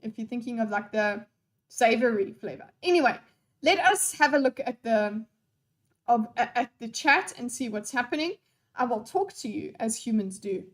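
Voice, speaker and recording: A woman's voice: a little high, animated, normal speed. A young woman live-streaming and chatting with her audience in a scattered, playful way and swearing freely. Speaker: live streamer reading chat. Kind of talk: unscripted live-stream chat.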